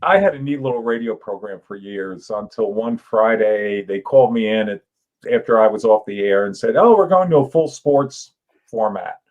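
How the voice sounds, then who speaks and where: A man's voice: lowish voice, moderate pace, phone-quality sound. An older man, an author and guest, telling stories in casual talk and acting out the voices in them. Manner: animated, acts out voices in anecdotes. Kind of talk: casual storytelling.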